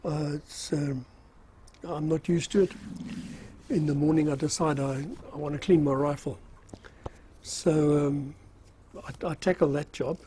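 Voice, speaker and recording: A man's voice: on the high side, steady tone, unhurried, pauses often, warm tone, a little hiss or hum. An older man casually recounting his army days in a rambling, self-mocking way, with fillers and chuckles. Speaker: storyteller recalling army service. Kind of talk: casual spoken memoir.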